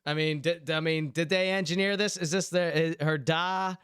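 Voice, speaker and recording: A man's voice: on the high side, steady tone, normal speed, fairly bright tone, clear, resonant tone, no room sound, clean studio sound. A man hosting a show, commenting on clips casually and enthusiastically, often repeating himself. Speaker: show host.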